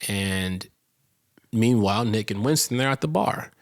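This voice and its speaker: A man co-hosting a casual rewatch podcast, recapping episodes, laughing often and jumping up in pitch to act out characters. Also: lively intonation, measured pace. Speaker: podcast co-host.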